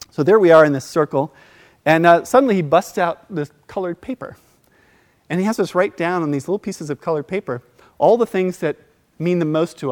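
Man telling a story, acting out the voices. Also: a little high. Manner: animated, acts out voices in quotes, laughs between lines. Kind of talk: casual personal storytelling.

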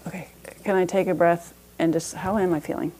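A woman's voice: on the low side, steady tone, a little fast, warm tone, a little hiss or hum. Woman teaching a meditation-based parenting class. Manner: conversational, with frequent restarts and light laughs.

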